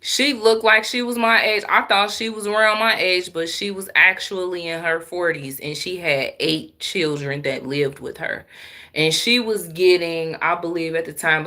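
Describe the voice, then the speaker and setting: A woman co-hosting a casual commentary chat, telling stories with animation and chiming in to agree. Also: fairly low pitch. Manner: animated storyteller, chimes in with agreement.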